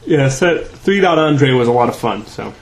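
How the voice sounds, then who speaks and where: Relaxed joking man on a podcast. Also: medium pitch, moderate pace, reverberant. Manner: relaxed, joking, filler-heavy. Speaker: podcast co-host. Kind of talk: casual chat.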